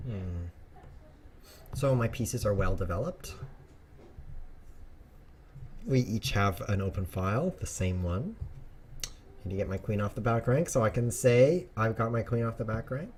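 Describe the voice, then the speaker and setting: A man's voice: on the low side, expressive, moderate pace, a little mellow, slight background noise. Playful man rambling over a game. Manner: playful, jokey, rambling asides. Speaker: chess streamer host. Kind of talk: casual live commentary while playing.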